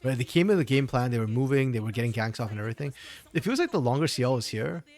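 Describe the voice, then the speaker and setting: A man's voice: mid-range voice, big pitch swings, racing, darkish tone. A man co-streaming an esports match, talking in a chatty, laid-back way and answering chat. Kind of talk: casual live-stream commentary.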